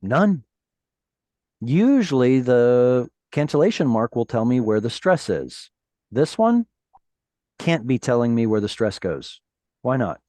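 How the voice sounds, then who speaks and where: A man teaching a Hebrew class over a video call, patiently explaining words and reading verses slowly. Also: medium pitch, dark tone, dry recording.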